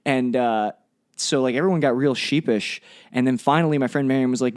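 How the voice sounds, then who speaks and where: A man's voice: medium pitch, lively intonation, fairly quick. Laughing, rambling young man telling stories. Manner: rambling anecdotes full of "like", laughing often. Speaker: podcast co-host. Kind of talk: casual chat, storytelling.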